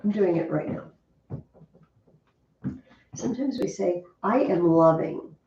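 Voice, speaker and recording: A woman teaching a Latin class, chatty and lively, often asking the students questions. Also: fairly low pitch, slow pace, a little hiss or hum. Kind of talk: classroom lesson. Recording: distant, roomy, dull classroom recording.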